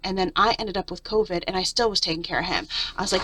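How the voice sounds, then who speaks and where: Middle-aged woman flipping thru her journal, kinda low voice but really bright, chatty and venting. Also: fast. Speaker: papercraft vlogger. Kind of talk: casual journal flip-through narration.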